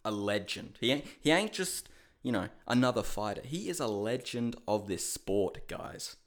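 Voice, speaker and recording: A man's voice: mid-range voice, moderate pace. A man giving a casual, profane fight recap monologue, ranting and calling his viewers "guys.". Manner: animated, shouts reenacted outbursts. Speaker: MMA commentary host.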